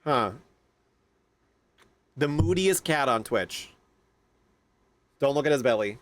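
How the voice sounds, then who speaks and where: A man streaming a game live, chatting casually with loud, excitable outbursts. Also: mid-range voice, slow, no echo. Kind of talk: casual live-stream chat over gameplay.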